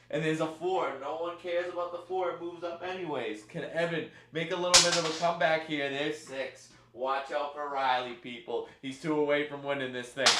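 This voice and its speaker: A man hosting a live stream, calling a chat horse race with animated play-by-play and banter. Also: on the high side, reverberant, very noisy. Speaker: stream host.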